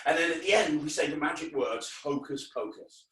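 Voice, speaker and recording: A lively male children's magician with a bright, sharp voice and a fairly high pitch. He coaxes his young audience and bursts into playful mock-frustration. He is recorded from a distance in a roomy, echoey space. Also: a little fast. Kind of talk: kids' magic show patter. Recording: echoey room, distant mic.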